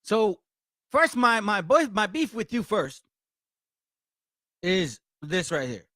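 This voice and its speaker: A man's voice: high-pitched, big pitch swings, slow, sharp tone, no room sound, studio quality. A man, hosting a blunt, confrontational and profane commentary for viewers. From Mexico. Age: 40s. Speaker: channel host.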